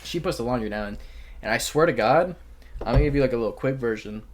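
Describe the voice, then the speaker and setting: A man's voice: mid-range voice, animated, quick pace. A podcast host spins a long story in loose, slangy talk, swearing freely and calling his listener bro. He slips into the voices of the people he quotes. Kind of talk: casual storytelling chat.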